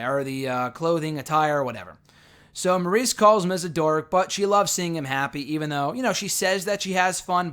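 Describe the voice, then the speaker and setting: A man's voice: on the high side, fairly bright tone. Casual rambling male show reviewer. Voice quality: rambling, frequent fillers and self-corrections. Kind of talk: casual recap monologue.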